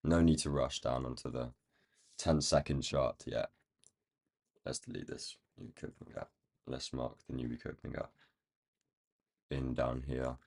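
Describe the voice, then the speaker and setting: Male streamer, very deep voice gone croaky, loose live chart commentary, thinking out loud. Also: flat delivery, normal speed, long pauses. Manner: thinking aloud while marking up charts. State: croaky, feeling rough. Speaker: day trading livestream host.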